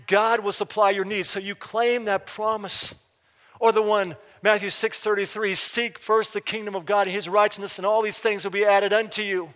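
A man preaching a sermon as pastor, reading scripture slowly and swinging from loud urgent bursts to hushed emphasis. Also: sits high, little pitch movement. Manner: reads scripture slowly and deliberately. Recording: live hall reverb.

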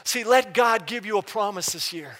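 A man preaching a sermon as pastor, reading scripture slowly and swinging from loud urgent bursts to hushed emphasis. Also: high voice, animated. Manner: reads scripture slowly and deliberately. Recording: live hall reverb.

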